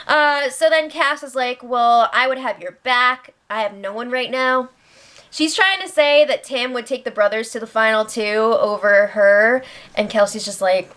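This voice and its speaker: Young woman, casual recap host, sarcastic, chatty, slightly high voice. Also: moderate pace, fairly bright tone. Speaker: reality show recap host.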